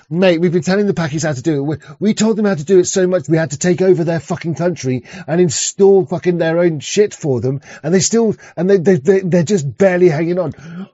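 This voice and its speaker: A man's voice: on the high side, animated, fairly quick, dark tone, dry recording. A man ranting in rambling reaction commentary, crude and sarcastic, with frequent restarts, on a dull lo-fi mic. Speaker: streamer reacting to a clip.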